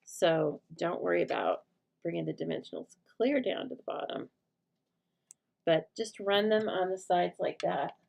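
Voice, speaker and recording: A middle-aged woman hosts a live stamping show, demonstrating card-making step by step in a chatty way and breaking off now and then to talk to her dog. Her voice is fairly low, creaky, and darkish, and she takes her time.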